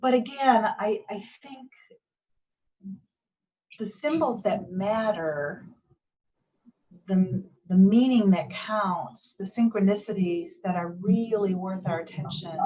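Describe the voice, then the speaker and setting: Gentle woman telling a story, distant dull mic. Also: mid-range voice. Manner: gentle, unhurried, acts out quoted dialogue. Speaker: guest speaker. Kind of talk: reflective storytelling.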